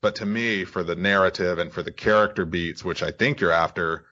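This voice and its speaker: Male podcast co-host, very low voice, forceful bright tone, slightly lo-fi audio, rambling. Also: fairly quick. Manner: rambling, hedging with "you know" and "I think". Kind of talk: podcast interview.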